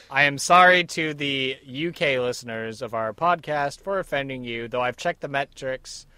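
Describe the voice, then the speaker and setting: Bright, playful man on a podcast. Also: medium pitch, normal speed, clean tone, dry recording. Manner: playful, riffing, laughs easily. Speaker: podcast co-host. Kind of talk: casual chat. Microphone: podcast mic with headphones, remote.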